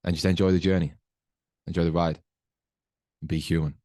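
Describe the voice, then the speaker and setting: Deep-voiced man giving motivational talk. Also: flat delivery, dark tone, no echo, studio quality. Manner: earnest, slow, emphatic coaching tone. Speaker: podcast host. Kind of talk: motivational podcast monologue.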